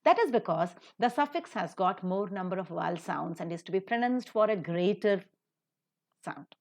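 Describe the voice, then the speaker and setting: A woman gives a recorded lesson on English word stress. Her voice rises and falls a great deal as she drills example words slowly and with care. She speaks like a teacher walking students through the rules. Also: medium pitch, lively intonation, darkish tone. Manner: slow, deliberate modelling of example words.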